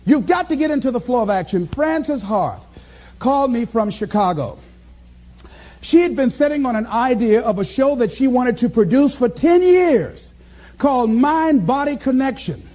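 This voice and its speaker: Male motivational speaker, very high lively voice, preacherly, playful asides. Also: moderate pace. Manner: animated, preacherly, acts out voices and chuckles. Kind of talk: motivational speech to an audience.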